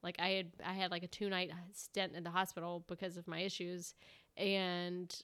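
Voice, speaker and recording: A woman's voice: fairly low pitch, flat delivery, moderate pace, a bit bright, smooth. A young woman hosting a podcast, chatting casually with lots of fillers and laughs. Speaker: podcast host. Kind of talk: casual chat.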